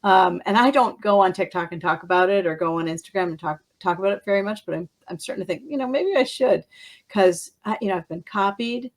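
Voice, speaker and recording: A middle-aged woman hosts a chatty interview, her voice jumping up and down as she tells a story. She laughs often and slips into quick impressions of the people she quotes. Her pitch sits in an ordinary middle range. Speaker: podcast host. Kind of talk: casual interview chat.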